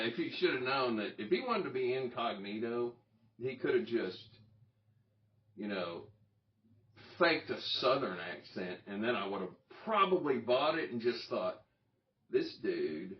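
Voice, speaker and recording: A man's voice: medium pitch, big pitch swings, a little slow. A man hosting his own channel, telling a story in a rambling, self-interrupting way with chuckles. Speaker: YouTube channel host. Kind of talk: casual talking-head vlog. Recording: roomy, distant, dull lo-fi sound.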